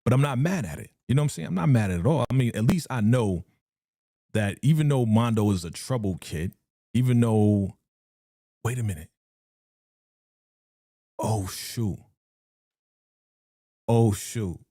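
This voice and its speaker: A man's voice: mid-range voice, expressive, fairly quick, mellow, no echo, studio quality. A man streaming live as he reacts to a TV episode, talking casually with lots of slang, laughing and acting out the characters' lines.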